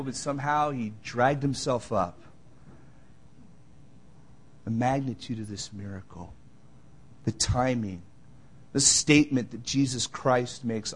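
A man preaching a sermon, moving between loud emphatic lines and quiet, tender asides. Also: medium pitch. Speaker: pastor.

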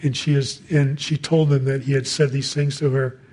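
A man's voice: medium pitch, level tone, moderate pace, darkish tone, breathy edge. A man preaching a sermon in a conversational way, reading scripture and adding casual asides.

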